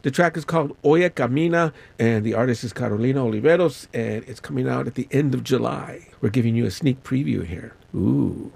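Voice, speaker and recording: Gravelly, husky male radio host. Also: mid-range voice, a little fast, few pauses, darkish tone. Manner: enthusiastic, rambling, self-correcting. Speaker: radio music show host. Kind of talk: casual radio chat about music.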